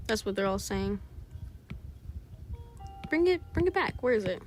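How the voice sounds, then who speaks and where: A woman's voice: animated, unhurried, pauses often, faint music behind. Chatty young woman drawing and rambling. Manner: rambling, talks to herself while working; mimics characters in a high voice. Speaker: artist streaming a drawing session. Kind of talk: casual chat while drawing.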